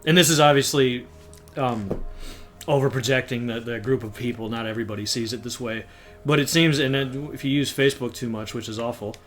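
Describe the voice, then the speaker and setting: A young man on a casual podcast who thinks out loud, hesitating and restarting his sentences as he works through his opinions. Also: medium pitch, steady tone, a little fast, soft background music. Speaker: podcast co-host.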